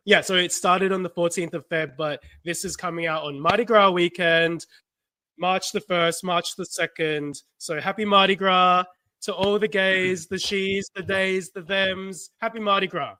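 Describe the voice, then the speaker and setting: A man with an Australian accent co-hosting a casual podcast, animated and chatty, often cutting himself off mid-thought. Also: high voice, unhurried, no echo. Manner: animated, chatty, self-interrupting. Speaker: podcast co-host. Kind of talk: casual chat.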